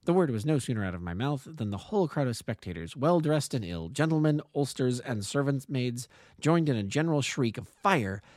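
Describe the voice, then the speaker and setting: A man's voice: mid-range voice, animated, brisk, a little mellow, no echo, studio quality. A man, an amateur narrator, reading a classic detective story aloud and now and then correcting small slips.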